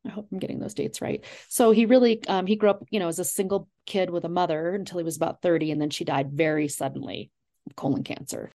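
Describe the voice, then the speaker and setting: A middle-aged woman, an author being interviewed, telling family memories in a warm, digressive way with many fillers. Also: on the low side, steady tone, fast talker. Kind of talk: reflective storytelling.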